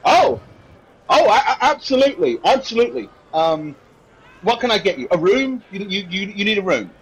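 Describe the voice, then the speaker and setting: A man's voice: high voice, sing-song, moderate pace, husky, pitched above the performer's own voice, heavily acted, low-quality recording. A man voicing a flustered, fussy male innkeeper who stammers.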